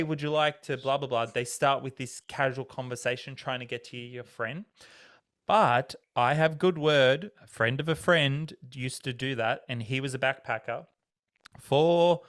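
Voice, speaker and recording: Sarcastic podcast co-host. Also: male voice, mid-range voice, a bit bright, smooth, dry recording, clean studio sound. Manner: laughs along, sarcastic asides. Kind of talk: casual chat.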